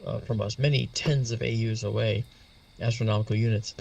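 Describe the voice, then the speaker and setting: A man with a gravelly, creaky voice, heard a little set back from the mic. He talks patiently as an interview guest and spells out the terms he uses. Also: lowish voice, steady tone, fairly quick, darkish tone, recorded from a distance, lo-fi sound. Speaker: astronomy guest expert. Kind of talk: explanatory interview talk.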